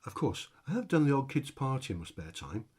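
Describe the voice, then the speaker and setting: A man's voice: medium pitch, sing-song, fairly quick, darkish tone, slightly rough, pitched above the performer's own voice. A man voicing a hapless, cheerful circus magician who chats breezily and shrugs off his disasters, in a storybook reading. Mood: breezy. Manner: breezy, unbothered, chatty.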